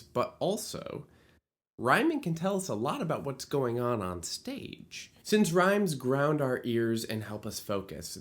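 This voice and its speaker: A man giving a scripted online lesson on musical theatre writing, in a playful and expressive way. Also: fairly low pitch.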